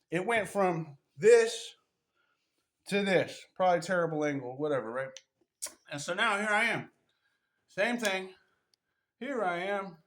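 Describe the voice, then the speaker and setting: Man, high bright voice, chatty stretching demo, strained, echoey room. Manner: chatty, repeats "right?" often. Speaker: martial arts instructor. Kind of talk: casual spontaneous demonstration. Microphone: camera mic.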